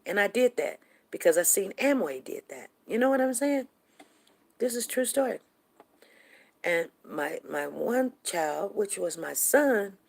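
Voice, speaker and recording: Low-voiced, gravelly woman telling a story. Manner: animated, repeats words for emphasis. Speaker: show host. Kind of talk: casual storytelling talk.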